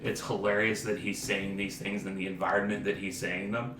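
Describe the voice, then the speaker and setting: A man's voice: on the low side, flat delivery, brisk. A man speaking as a guest in a casual chat about a movie, hesitant and apologetic at times. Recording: echoey room, far from the mic, light noise.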